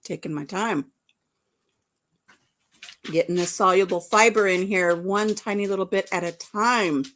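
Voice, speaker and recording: A woman's voice: medium pitch, a little slow, fairly bright tone, slight background noise. A woman hosting a casual livestream, chatting in a rambling way and greeting viewers by name. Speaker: vlog host.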